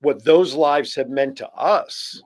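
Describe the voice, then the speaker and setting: A man hosting a live-streamed club show, asking questions and reflecting in a measured way. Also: mid-range voice, darkish tone. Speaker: show host. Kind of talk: interview talk show.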